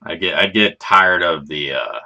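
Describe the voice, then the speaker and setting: A man with a lowish voice hosts a casual livestream and rambles from one thought to the next. His pitch moves a lot, rising and falling as he talks. He's relaxed and swears freely. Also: unhurried, creaky, highs cut off. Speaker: livestream host.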